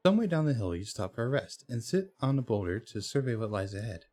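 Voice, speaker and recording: A man's voice: medium pitch, expressive, moderate pace, dark tone. A man hosting a let's play, reading the game's story text aloud with hesitations and frequent self-corrections. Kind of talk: reading game text aloud while playing.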